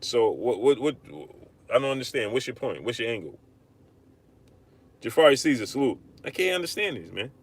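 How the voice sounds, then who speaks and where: A man hosting a live-stream boxing rant, arguing hard, repeating himself and shouting out viewers. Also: medium pitch, normal speed, pauses often, slightly rough. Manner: animated, repetitive, argumentative, shouting out viewers. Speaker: livestream host.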